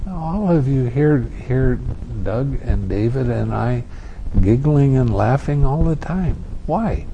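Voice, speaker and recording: A man giving a meditation talk, gentle and amused, who acts out his students' complaints. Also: mid-range voice, lively intonation, unhurried, a little hiss or hum, low-quality recording. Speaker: meditation teacher. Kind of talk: dharma talk.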